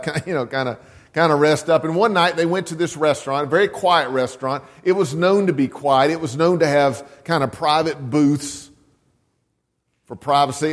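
A man preaching a sermon, telling a story slowly and emphatically, repeating key lines. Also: a little high, long reverb tail. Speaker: pastor.

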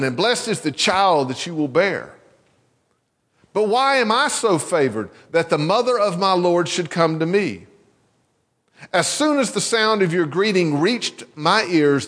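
A male pastor preaching a sermon, reading scripture and adding chatty asides with soft laughs. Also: high voice. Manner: conversational, chuckling asides between scripture readings. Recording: long hall reverb.

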